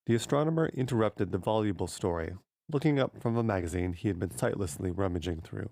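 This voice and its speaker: A man narrating a short story in a steady, unhurried way. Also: lowish voice, vocal fry, no room sound. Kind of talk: scripted audiobook narration.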